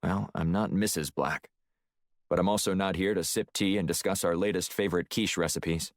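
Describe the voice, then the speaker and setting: A man's voice: low-pitched, fairly even intonation, normal speed, dry recording, close to an everyday voice. A male audiobook narrator voicing a tough covert operative who talks in a dry, curt way.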